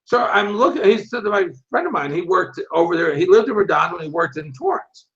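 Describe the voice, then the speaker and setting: An older man in his sixties with a high, gravelly voice tells stories in an interview. He is blunt and swears freely. The audio sounds dull and lo-fi. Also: big pitch swings, fast, a bit bright. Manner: blunt and profane, quotes people in his stories. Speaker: martial arts instructor, interview guest. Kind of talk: storytelling in an interview.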